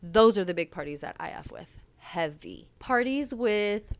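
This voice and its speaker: A woman's voice: medium pitch, a little slow, dry recording. Blunt, sassy young woman host. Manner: blunt, sassy storytelling with lively quoted voices. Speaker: podcast host, restaurant server and former manager. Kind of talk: casual solo podcast monologue.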